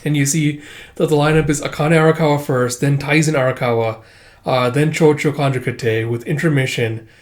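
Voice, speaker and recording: A man's voice: a little high, fairly even intonation, a little fast. Casual man rambling through a manga read-through. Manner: rambling with frequent "uh" and "like". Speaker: manga reading channel host.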